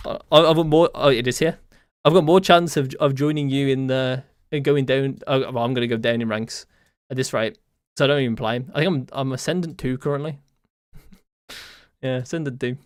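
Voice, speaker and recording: A man's voice: medium pitch, dry recording, clean studio sound. A young man from the West Midlands of England, a game coach chatting casually on a live stream, rambling and repeating himself with many fillers.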